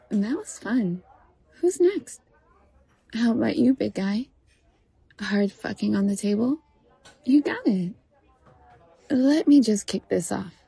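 A woman's voice: medium pitch, vocal fry, dark tone, slightly rough, no echo. A woman performing an adult audio role-play, teasing and profane, often dropping into a whisper.

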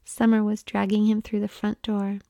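A woman reads an erotic story in a hushed, unhurried whisper. Her voice is dark and gravelly, recorded close and dry. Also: medium pitch, monotone, no room sound. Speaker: audiobook narrator.

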